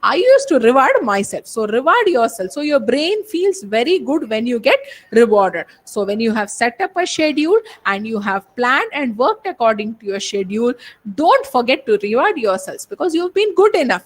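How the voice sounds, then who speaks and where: A woman's voice: fairly high pitch, sing-song, normal speed. A woman with an Indian English accent giving a webinar lecture to students, talking earnestly and directly to them, with a lot of repetition. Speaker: webinar speaker on exam stress. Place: home or office, webinar. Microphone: computer mic on a video call.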